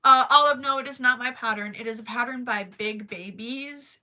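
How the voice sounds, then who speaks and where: A young woman chats casually through a crochet livestream, thinking aloud, apologizing and giggling as she works. Her voice sits a little high and rings bright. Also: normal speed, hardly any pauses.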